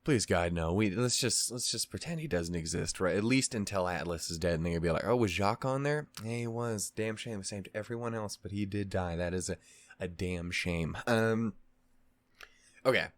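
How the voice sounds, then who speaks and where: A man's voice: deep voice, normal speed, no room sound. A man hosting a reaction channel, casually recapping a show in a rambling way, with lots of fillers, restarts and swearing.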